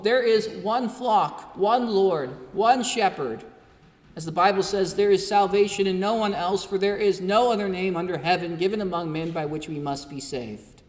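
A man with a notably high voice preaches a sermon, his words carrying a long reverb through the church hall. He speaks in a measured cadence, stacking lists and rhetorical questions. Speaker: pastor.

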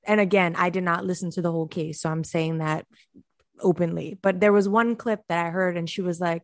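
A woman's voice: fairly low pitch, steady tone, a little fast, dry recording, studio quality. A woman co-hosting a casual chat, telling things in a wry, matter-of-fact way.

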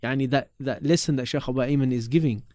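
A man talks through old memories in relaxed, animated chat. He often circles back and repeats words as he goes. His voice sits at an ordinary middle pitch, and the sound is close and dry with no room echo. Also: quick pace. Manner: animated, repeats words, mixes in Arabic religious terms. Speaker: podcast guest recalling his teachers. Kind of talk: casual storytelling chat.

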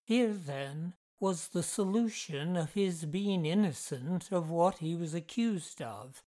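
A woman narrating a first-person true ghost account in a measured, deliberate reading style. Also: fairly low pitch, lively intonation, warm tone.

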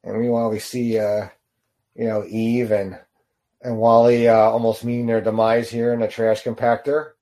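A man giving casual reaction commentary on a short film, rambling and halting with lots of fillers. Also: mid-range voice, level tone, mellow. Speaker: video reactor.

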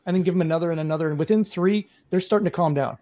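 A man's voice: fairly high pitch, very fast, darkish tone. A man from Canada, a guest in a casual interview, who talks emphatically and laughs while making his points.

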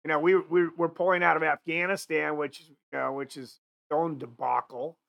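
A man's voice: a little high, fairly even intonation, moderate pace, vocal fry, muffled recording. A man hosting a casual talk show, rambling with many restarts and fillers. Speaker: show host.

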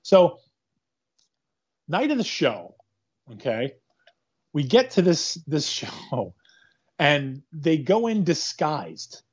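Male podcast co-host, rambling animated recapper, a bit high, muffled lo-fi audio. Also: slightly rough. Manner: rambling, animated retelling with quick quoted asides. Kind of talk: casual movie-recap chat. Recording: dull lo-fi sound.

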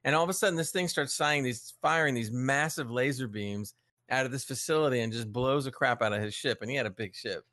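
A man's voice: mid-range voice, quick pace, bright, forceful tone, dry recording, studio quality. A man on a podcast, casually telling a gaming story with chuckles and friendly asides. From United States. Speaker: podcast co-host. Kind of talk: casual chat.

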